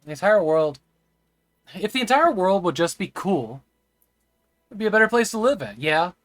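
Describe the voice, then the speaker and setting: A man's voice: sits high, very animated, moderate pace, fairly bright tone, no room sound, soft background music. A man streaming a game live, rambling and chatting with viewers, sometimes stammering over words. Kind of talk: live gameplay stream chat.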